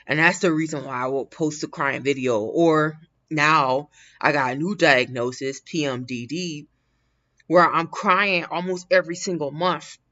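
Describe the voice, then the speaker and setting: A woman's voice: low voice, fairly even intonation, unhurried, a bit bright. Rambling woman on a lo-fi livestream. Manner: rambling, frequent laughs and restarts. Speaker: livestream host. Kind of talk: casual livestream chat. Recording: dull lo-fi sound.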